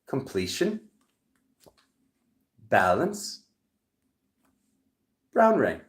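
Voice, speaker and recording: A man with a Rhode Island accent talks through a tarot reading in a loose, conversational way. He drifts into joking asides at a middling pitch. His voice bounces around a roomy, echoing space. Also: huge pitch swings, drawn-out words. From Rhode Island, USA. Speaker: tarot reader. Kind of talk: casual tarot reading vlog.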